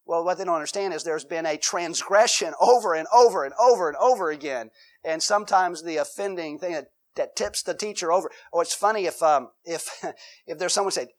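A man's voice: sits high, fast. A man preaching a sermon in a conversational way, reading scripture and acting out everyday examples. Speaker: pastor.

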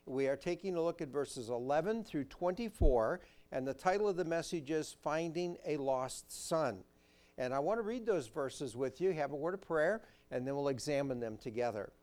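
Higher-voiced man preaching a sermon. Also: expressive, moderate pace, darkish tone. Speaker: pastor. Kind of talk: sermon with scripture reading.

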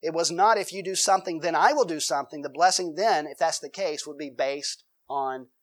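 A pastor delivers a sermon in a relaxed, conversational way. His voice sits high for a man. He reads scripture aloud and slips into quoted voices to act out everyday examples. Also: brisk.

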